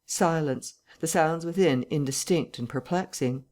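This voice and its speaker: Give me a man narrating a classic audiobook, measured and steady. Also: medium pitch. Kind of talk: scripted classic novel narration.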